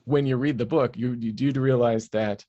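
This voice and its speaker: A man who narrates audiobooks, speaking as a guest in a relaxed interview, explaining his craft at length with fillers and restarts. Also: medium pitch, moderate pace, dull audio.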